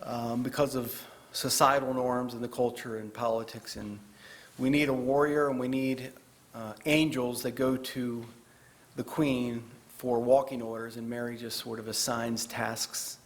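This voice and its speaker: A man's voice: mid-range voice, flat delivery, unhurried. A man giving a chatty, joking talk as a guest author to a live audience in a parish hall. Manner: chatty, joking, with fillers and restarts.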